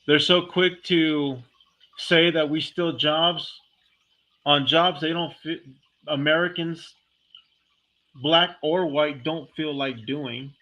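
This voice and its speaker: A man's voice: a little high, steady tone, slow pace, long pauses, pushed and bright. A man delivering a heated, blunt, profane monologue as a vlogger, talking casually and speaking his mind. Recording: dull lo-fi recording.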